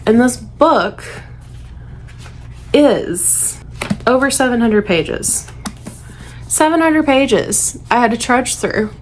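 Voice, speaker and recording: Unhurried frank woman reviewing a book. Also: on the high side, slight background noise. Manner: frank, exasperated, sighs and laughs. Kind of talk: casual book review to camera.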